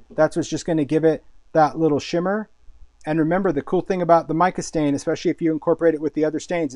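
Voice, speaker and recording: Male host, fairly high voice, bubbly and chatty, dry close sound, repeats words mid-thought. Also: a little mellow, no room sound. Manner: enthusiastic, chatty, repeats words while thinking. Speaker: host and product designer. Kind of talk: casual live product showcase.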